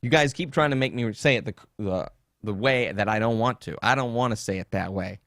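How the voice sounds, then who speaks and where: A man's voice: fairly low pitch, fairly quick, a bit bright, no room sound, studio quality. A man hosting a podcast in a casual comedic rant, mocking and laughing often as he jumps between topics. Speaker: podcast host.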